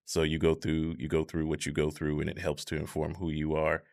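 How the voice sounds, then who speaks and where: A man in his thirties in a casual conversation, talking in a measured, reflective way with many fillers. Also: a bass voice, completely flat delivery, vocal fry, a little mellow. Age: 30s.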